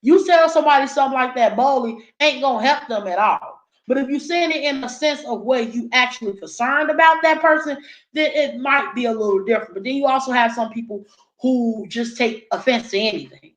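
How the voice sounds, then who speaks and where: Woman, blunt, opinionated, casual chat, fairly high voice, roomy echo. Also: brisk. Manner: blunt, opinionated, swears freely. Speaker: vlogger. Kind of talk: casual talk while eating, reading chat.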